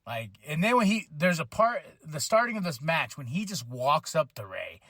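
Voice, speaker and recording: A man hosting a podcast, casually recapping a wrestling show, excitable, laughing often, swearing and acting out what people said. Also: on the high side, moderate pace, dry recording, clean studio sound. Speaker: podcast host.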